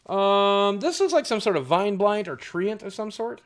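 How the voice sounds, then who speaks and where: A man's voice: high-pitched, lively intonation, normal speed. A man chatting casually and profanely with his stream chat while unboxing, cracking jokes. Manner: crude, profane, jokey.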